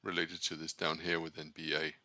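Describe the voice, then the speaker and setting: A man's voice: very deep voice, flat delivery, fairly quick, sharp tone, dry recording. A man trading on his own channel, talking casually through charts in a rambling, blunt way and correcting himself as he goes. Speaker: trader keeping a trading journal. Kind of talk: casual talk while screen-sharing charts.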